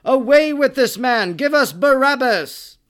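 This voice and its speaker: A man voicing an angry crowd that chants its demands in loud shouts. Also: fairly high pitch, sing-song, slow, full character voice. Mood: shouting. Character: angry shouting mob, men.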